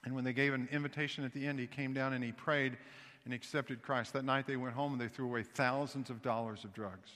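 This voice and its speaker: Southern preacher in a reverberant sanctuary. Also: male voice, mid-range voice, brisk. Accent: Southern American. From American South. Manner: animated storytelling preacher with frequent restarts. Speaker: pastor. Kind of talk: sermon. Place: church sanctuary.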